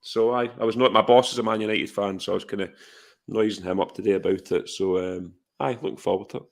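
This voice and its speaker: A man's voice: fairly low pitch, fairly even intonation, quick pace, creaky. A Scottish man co-hosting a podcast, chatting casually about football and rambling with plenty of fillers. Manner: rambling, lots of "aye" and "um" fillers. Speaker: podcast co-host.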